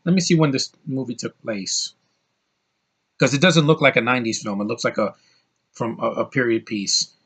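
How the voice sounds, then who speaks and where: A man's voice: mid-range voice, normal speed, a bit bright, husky. A man in his thirties talking casually and enthusiastically about a movie he loves, rambling with lots of fillers and restarts. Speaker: movie reviewer. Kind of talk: casual movie review monologue.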